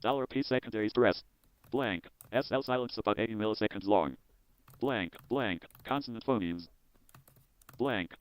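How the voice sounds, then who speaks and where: A man hosting his own video, reading a technical software manual aloud in a measured, word-by-word way with small restarts. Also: medium pitch, poor audio. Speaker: host.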